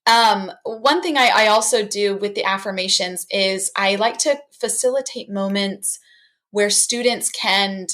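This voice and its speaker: A woman's voice: mid-range voice, a little slow, a bit bright. A woman who teaches art, a guest in a casual podcast interview, talking expressively and slipping into classroom voices as she explains.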